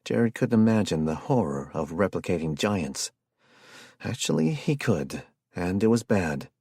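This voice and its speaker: Narrador de voz grave y ronca. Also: male voice, sits low, expressive, a little slow, darkish tone, slightly rough, no room sound, studio quality. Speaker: audiobook narrator. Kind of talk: scripted narration.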